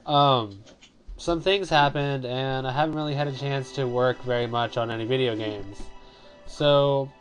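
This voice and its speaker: A man hosting a casual let's play, rambling through his plans and reading game text, with many fillers and asides. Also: medium pitch.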